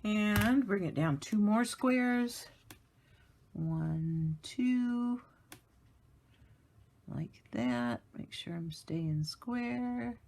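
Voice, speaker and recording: A woman's voice: medium pitch, expressive, drawn-out words, creaky, pauses often, darkish tone. A woman giving a casual card-making tutorial, chatty and laughing lightly as she narrates each step at her work table.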